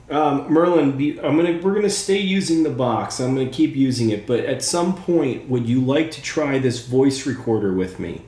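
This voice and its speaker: A man's voice: mid-range voice, moderate pace, darkish tone. Eager male psychic medium, echoey room. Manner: eager, thinks aloud, many fillers. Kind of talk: spirit session, talking to a spirit.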